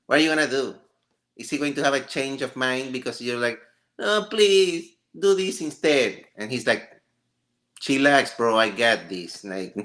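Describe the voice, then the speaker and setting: A man's voice: mid-range voice, sharp tone. A man hosting a casual live stream, joking and ranting with frequent laughter. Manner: laughs often, jokey and rambling.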